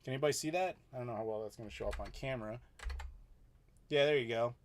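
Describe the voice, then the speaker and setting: In his thirties, this man hosts a relaxed live Q&A stream from home, speaking into a desk mic in front of him. His mid-range voice moves fast, his manner is easygoing and chatty, and he laughs a lot. There's a slight hiss or hum on the audio.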